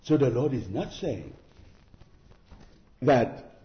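A man preaching a sermon in a slow, deliberate, emphatic way, with rhetorical asides to his listeners. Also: medium pitch, sing-song. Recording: muffled lo-fi sermon recording.

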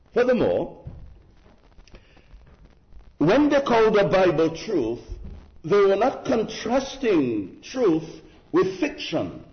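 A man preaching a sermon in a slow, deliberate, emphatic way, with rhetorical asides to his listeners. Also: sits high. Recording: muffled lo-fi sermon recording.

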